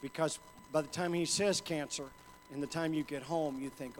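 A man preaching a sermon with passion, dropping to a hush and then building up to shouts. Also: on the high side, normal speed, slight background noise. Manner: impassioned, swings from hushed to shouting. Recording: hall reverb with faint ambience.

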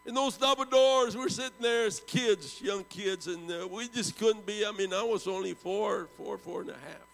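A preacher in his seventies tells a story in a sermon from the pulpit, his gravelly voice at normal speed. He swells into loud bursts and sinks to hushed low tones, with a long hall echo trailing every phrase.

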